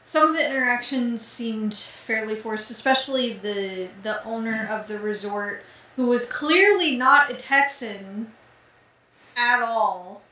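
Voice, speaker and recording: Emphatic woman, bright, echoey and distant. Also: a little high, unhurried. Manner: opinionated, emphatic. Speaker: podcast co-host. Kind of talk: casual movie-review chat. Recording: echoey room, far from mic.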